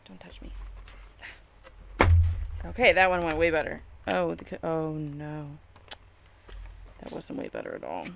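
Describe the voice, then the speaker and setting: Exasperated, self-mocking woman with a gravelly edge. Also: low voice, huge pitch swings, a little slow, long pauses, noisy background. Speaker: crafter streaming live. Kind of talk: casual live-stream chatter while crafting. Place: home craft studio.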